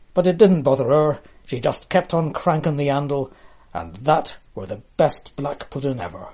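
Man in a broad put-on Yorkshire accent. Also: on the high side. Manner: broad dialect storytelling, deadpan. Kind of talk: spoken-word comic story.

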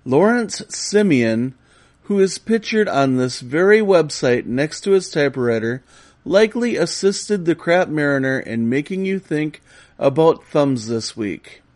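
A man reading a mock-serious message in a slow, deliberate way. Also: fairly high pitch, a little mellow.

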